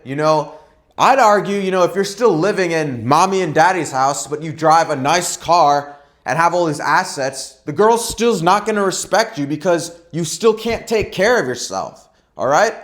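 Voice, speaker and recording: A man's voice: on the high side, lively intonation, moderate pace, a bit bright. A young man coaching viewers on dating in a blunt, emphatic way, often tagging his points with "right?". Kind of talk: direct-to-camera advice vlog.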